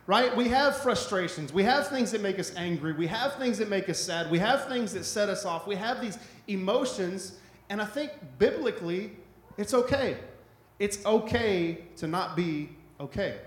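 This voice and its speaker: A male pastor with a high voice delivers a sermon in a relaxed, conversational way. He keeps checking in with the congregation with "right?". The sound is roomy and echoey. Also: normal speed. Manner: conversational, repetitive, asks "right?" often.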